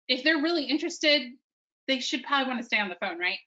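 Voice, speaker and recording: A woman in her thirties leads a live sales workshop, talking straight to the group in a lively, conversational way. Her voice sits a little high and rings bright and forceful. The recording is dull and lo-fi. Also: quick pace. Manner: energetic, conversational, addresses group as guys. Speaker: sales coach.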